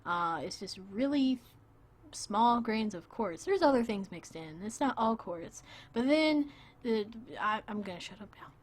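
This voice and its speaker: A woman's voice: on the high side, lively intonation, a little slow, slight background noise. A woman streaming a farming game, chatting casually and playfully with her viewers in rambling, jokey asides. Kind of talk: casual gameplay live stream chat.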